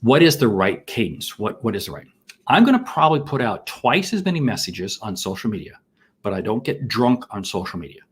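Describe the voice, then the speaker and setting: A middle-aged American man hosting a live sales masterclass, enthusiastic and full of rhetorical questions and shout-outs to viewers. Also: fairly low pitch, wildly swooping pitch, fairly quick, slightly rough. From United States. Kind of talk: energetic live-stream teaching.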